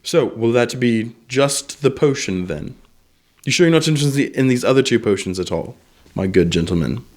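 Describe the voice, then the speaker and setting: A man voicing a suave, overly polite male potion shopkeeper who talks in smooth sales patter. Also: medium pitch, expressive, normal speed, lightly acted. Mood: smoothly courteous.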